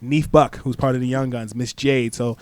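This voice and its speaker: A young man guesting on a sports talk podcast, telling stories in an animated way with frequent restarts. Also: medium pitch, normal speed. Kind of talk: casual chat.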